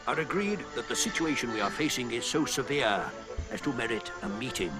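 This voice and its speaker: An actor voicing a fussy, polite old male badger in a cartoon, with a courteous, measured manner. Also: mid-range voice, expressive, close to an everyday voice. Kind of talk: cartoon voice acting. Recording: cartoon clip with music.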